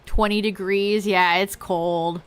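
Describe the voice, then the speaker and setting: A young woman streamer drawls through a relaxed live gaming chat, talking to her viewers in a slow, easygoing way. Her voice sounds a bit worn and hoarse. Her pitch sits in a plain middle range. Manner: laid-back, chatty, talks to chat. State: voice going hoarse.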